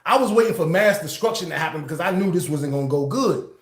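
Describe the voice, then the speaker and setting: A man hosts a casual storytime livestream, talking in loose, slangy bursts. His voice sits a bit high. The sound carries a roomy echo. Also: quick pace. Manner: loose, slangy, animated retelling.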